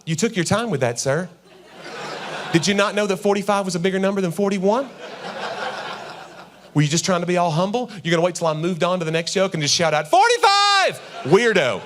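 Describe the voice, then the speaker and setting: A man's voice: high voice, a little fast, long pauses, a little hiss or hum. Stand-up comic man on stage. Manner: conversational, acts out voices of his wife and himself. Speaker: stand-up comedian. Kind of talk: stand-up comedy set. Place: church auditorium with a live audience.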